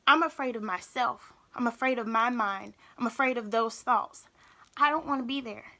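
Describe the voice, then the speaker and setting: A young woman talking openly in a personal vlog, halting and emotional, often repeating herself. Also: fairly high pitch, sharp tone. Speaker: vlogger.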